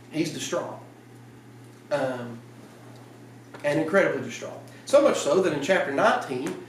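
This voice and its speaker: A man's voice: on the high side, unhurried, a little hiss or hum. Male preacher, casual storytelling sermon; slightly raised voice, picked up from a distance in a reverberant sanctuary. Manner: lively storytelling, laughs at the story, acts out lines. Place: church sanctuary. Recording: roomy church sound from a distant mic.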